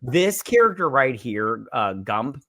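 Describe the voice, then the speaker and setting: A man's voice: mid-range voice, very animated, slow pace, fairly bright tone, no room sound, studio quality. A man co-hosting a casual movie review podcast, rambling and acting out scenes in quoted voices. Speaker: podcast co-host.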